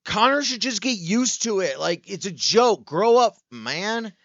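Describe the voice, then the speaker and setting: A man co-hosting a casual review podcast, talking in an animated way. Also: unhurried, no echo, lo-fi sound. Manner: animated, jumps into high squealing impressions. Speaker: podcast co-host.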